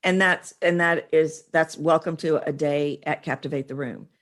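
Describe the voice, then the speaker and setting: A woman's voice: low-pitched, fairly even intonation, moderate pace. A woman voice coach speaking emphatically as a guest in an interview.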